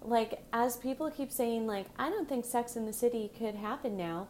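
A woman's voice: fairly high pitch, moderate pace, a little mellow, a little hiss or hum. A woman co-hosting a podcast, chatting casually about a show, laughing often. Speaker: podcast co-host. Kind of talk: casual recap chat.

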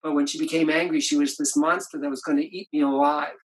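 In an interview, an older male author tells stories about his marriage, reflective and conversational, frequently restarting his anecdotes. He speaks quickly in a highish, steady voice, and the poor audio carries some hiss or hum.

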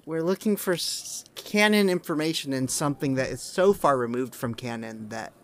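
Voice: mid-range voice, normal speed. Rambling, self-amused podcast host. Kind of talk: casual chat and reading aloud.

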